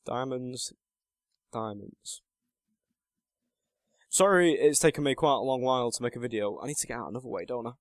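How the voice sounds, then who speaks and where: Chatty teen gamer, dry sound. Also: male voice, mid-range voice, lively intonation, very fast, few pauses, no echo. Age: late teens. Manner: chatty and self-mocking, muttering to himself while playing. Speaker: gaming channel host. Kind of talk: casual gameplay commentary.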